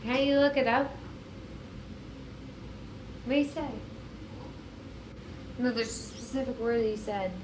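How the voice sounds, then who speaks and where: A tipsy woman retelling a story in an animated, rambling comedic way. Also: a little high, measured pace, long pauses, background noise. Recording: echoey room with music.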